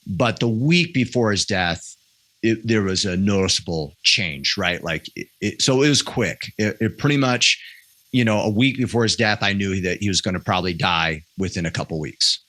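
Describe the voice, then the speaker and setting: A man in his thirties speaks as a podcast guest, candid and earnest, circling back and restarting his sentences as he tells a personal story. His voice sits a little low but has a bright, forward edge. The sound is close and dry, with no room around it. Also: normal speed, no echo. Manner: earnest, self-correcting storyteller with frequent restarts. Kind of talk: candid conversational interview.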